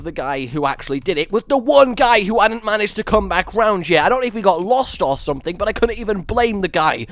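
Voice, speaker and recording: A man's voice: high voice, animated, fast, few pauses, no echo. A man casually commentating a building game, rambling and joking at his own expense. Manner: rambling, self-mocking, jokey. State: sore neck. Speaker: gaming video host.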